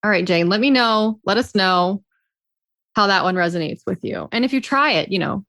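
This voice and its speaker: A woman's voice: mid-range voice, expressive, normal speed, a bit bright, no echo, studio quality. Blunt, emphatic woman co-hosting an advice chat. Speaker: podcast co-host.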